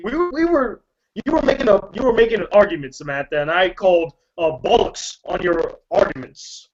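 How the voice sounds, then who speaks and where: A man's voice: sits high, expressive, brisk, highs cut off, soft background music. A man hosting a casual movie debate, playful and argumentative, laughing often. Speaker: host.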